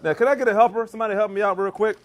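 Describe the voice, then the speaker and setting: A man's voice: high-pitched, fairly even intonation, rapid-fire. A man giving a vegan cooking demonstration to a live audience, calling out to the crowd like a preacher. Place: church hall kitchen.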